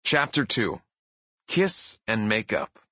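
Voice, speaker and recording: A man in his thirties reading his own memoir aloud as an audiobook, with expressive, emphatic storytelling. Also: on the low side, slow, no echo. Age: 30s. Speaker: author narrating his memoir. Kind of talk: audiobook narration.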